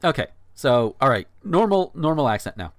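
A man's voice: medium pitch, big pitch swings, moderate pace. A man in his thirties reading a blog post aloud on a podcast, breaking off for incredulous asides with frequent fillers. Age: 30s.

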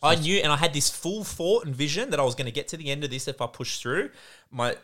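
A man's voice: fairly high pitch, lively intonation, fast talker, sharp tone. A young man co-hosting a podcast, telling an emotional personal story in casual chat, earnest and full of fillers. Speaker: podcast co-host.

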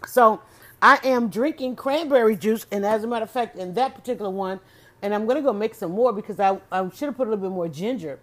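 A woman chatting casually on her own, animated and exclamatory, often restarting her sentences. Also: mid-range voice, quick pace. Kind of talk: casual solo chat.

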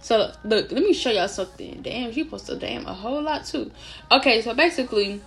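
A woman ranting, profane and animated, rambling with lots of fillers and self-interruptions. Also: on the high side, normal speed, gravelly. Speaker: vlogger. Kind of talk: casual opinion rant to camera.

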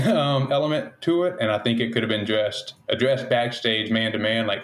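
A man in his thirties giving measured, thoughtful opinions in a casual podcast discussion. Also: medium pitch. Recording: roomy echo.

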